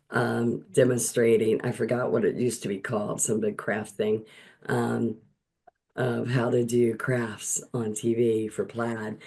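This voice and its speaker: A woman leads a painting lesson over a video call, her voice gravelly and her delivery unhurried. She chats in an animated way and laughs often as she teaches. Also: rumbling low. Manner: animated, laughs often while telling stories. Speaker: painting instructor and host. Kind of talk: chatty storytelling and painting instruction.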